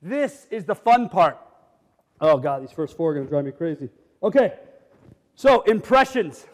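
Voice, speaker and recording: A man's voice: fairly high pitch, normal speed. Middle-aged guy giving a fired-up conference talk, blunt and jokey, big echoey hall. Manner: animated, blunt, jokey, rising to near shouts. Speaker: conference speaker. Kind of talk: energetic keynote presentation. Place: conference hall with live audience. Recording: reverberant hall.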